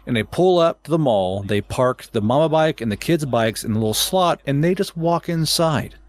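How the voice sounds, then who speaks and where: Speaking at a normal pace in a fairly high, expressive voice, a man from Oklahoma, USA, vents angrily in a casual podcast talk. He curses often and keeps stuttering and restarting on repeated words.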